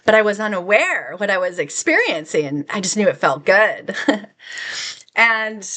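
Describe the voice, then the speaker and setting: A woman's voice: mid-range voice, sing-song, measured pace, a bit bright. A middle-aged woman speaking an earnest spiritual vlog message to her viewers, encouraging and reassuring, with many filler words. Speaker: spiritual content creator.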